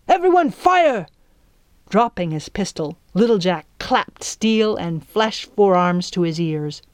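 A woman narrating an adventure storybook in a measured, expressive reading voice. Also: on the low side, dry recording. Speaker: audiobook narrator.

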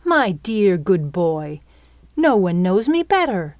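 A woman's voice: medium pitch, big pitch swings, normal speed, dry recording, highs cut off, natural voice. A woman voicing a vain, scheming female fairy who speaks in a sweet, coaxing croon.

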